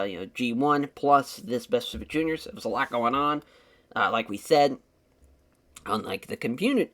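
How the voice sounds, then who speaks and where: A man talks through his game in a loose, rambling way. His pitch jumps all over the place as he chats. It sounds like relaxed commentary from a channel host. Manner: rambling and conversational, with lively swings in pitch. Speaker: host of a wrestling sim let's-play channel.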